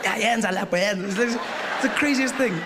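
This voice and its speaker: A man from South Africa performing stand-up comedy with animated storytelling and shifting voices. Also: sits high, fairly quick, over a noisy crowd, heavy background noise.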